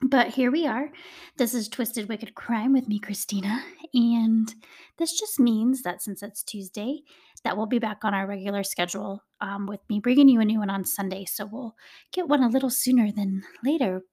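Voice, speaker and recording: A woman's voice: on the high side, moderate pace, darkish tone. Chatty woman hosting true crime. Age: adult, a parent. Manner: chatty and conversational, with dramatic emphasis. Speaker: true crime podcast host. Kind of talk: casual true-crime storytelling.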